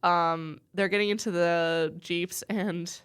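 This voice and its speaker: A woman's voice: on the low side, fairly even intonation, slow pace, fairly bright tone, clean tone. A woman co-hosting a casual book podcast, bubbly, summarizing the story and laughing easily. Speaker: podcast co-host.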